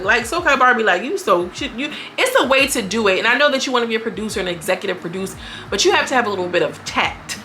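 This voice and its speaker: A young woman reviewing a reality TV episode in casual, blunt, profane commentary, switching between storytelling and quick quoted voices. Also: fairly high pitch, lively intonation, sharp tone, a little hiss or hum.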